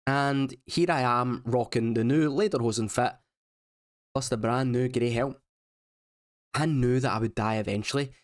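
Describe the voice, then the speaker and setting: A man's voice: medium pitch, moderate pace. A man narrating his game progress in a casual voice-over, wry and self-mocking. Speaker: gaming YouTuber.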